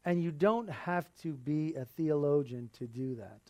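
A man's voice: on the high side, a little slow, darkish tone, no room sound. Earnest man preaching a casual sermon. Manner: conversational and earnest, with laughs.

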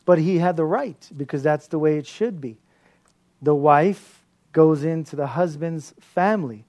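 A man preaching a sermon as a pastor, telling stories in an animated way and laughing often. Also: on the high side, a little slow. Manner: animated storytelling with frequent laughter.

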